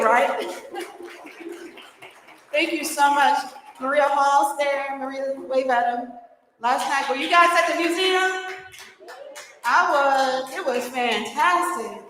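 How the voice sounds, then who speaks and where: A woman emceeing a live community event in a church hall, chatty and lively, laughing between remarks. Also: sits high, slight background noise. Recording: echoey hall with long reverb.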